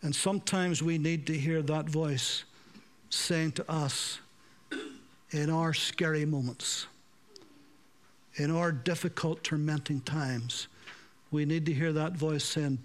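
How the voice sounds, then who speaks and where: Slow, higher-voiced male preacher. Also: steady tone. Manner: dramatic swings between raised emphasis and hushed, slowed delivery. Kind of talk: sermon.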